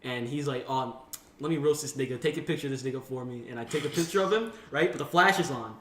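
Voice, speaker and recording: A young man casually telling profane, animated stories to friends on a podcast. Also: medium pitch, quick pace, a little hiss or hum. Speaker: podcast co-host. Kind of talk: casual storytelling among friends. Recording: echoey room, distant from the mic.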